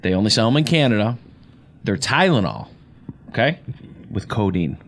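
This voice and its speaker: A man's voice: fairly low pitch, big pitch swings, normal speed, a bit bright, a little hiss or hum. A man guesting on a sports podcast, telling stories and giving blunt, opinionated takes. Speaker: guest co-host. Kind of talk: casual sports chat.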